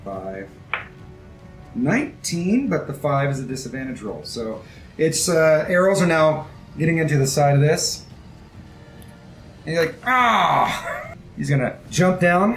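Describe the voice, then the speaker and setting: A man's voice: a little high, animated, unhurried, pauses often. A man narrating a tabletop game as game master in a casual, laughing way. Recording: roomy sound with faint music.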